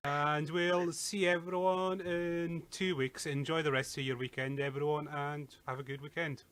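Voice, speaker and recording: A man hosting a podcast, wrapping up casually with fillers and some halting. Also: a little high, little pitch movement, a bit bright, slight background noise. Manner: informal, a little halting, with fillers. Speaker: podcast host.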